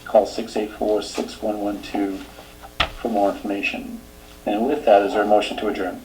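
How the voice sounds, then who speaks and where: A man with a Boston accent chairing a town meeting, reading announcements steadily and trailing off quietly. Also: lowish voice, little pitch movement, normal speed, background noise. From Boston area. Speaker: board chair.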